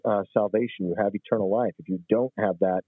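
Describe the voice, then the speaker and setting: A man's voice: fairly low pitch, fairly even intonation, brisk, no echo. A man explaining scripture in a religious discussion, emphatic and teaching. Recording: tinny phone line.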